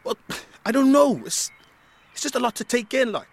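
A man's voice: extremely high pitch, expressive, moderate pace, vocal fry, full character voice. An actor playing a young man who was wrongly jailed, agitated and stammering. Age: young adult.

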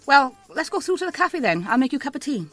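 Quick-talking, bright-voiced middle-aged woman, forthright. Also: sits high, very animated, soft background music. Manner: forthright, motherly. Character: determined middle-aged woman cafe owner. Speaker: cafe owner.

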